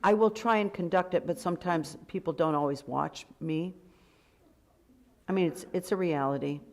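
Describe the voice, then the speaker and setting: A woman's voice: lowish voice, normal speed, darkish tone. A woman directing a choir rehearsal, counting beats aloud and sometimes singing the counts to demonstrate. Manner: sings short count phrases to demonstrate. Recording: music heard clearly behind the voice.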